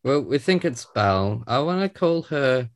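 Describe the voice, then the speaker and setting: An excitable, theatrical man hosting a chat, sometimes rattling off a long tongue-twisting introduction. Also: mid-range voice, moderate pace. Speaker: podcast host. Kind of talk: casual chat and rapid scripted intro.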